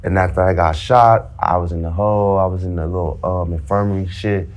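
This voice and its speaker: A man in casual storytelling, animated and slang-heavy, acting out the dialogue as he goes. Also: deep voice, brisk. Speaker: storyteller recounting prison life. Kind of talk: casual storytelling in a played interview clip.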